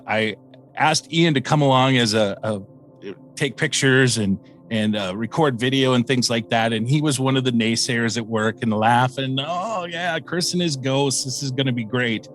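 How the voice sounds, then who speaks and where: A man, a paranormal investigator, recounting a ghost encounter in a casual, animated way, acting out quotes with many fillers and restarts. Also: medium pitch. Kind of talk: casual storytelling interview.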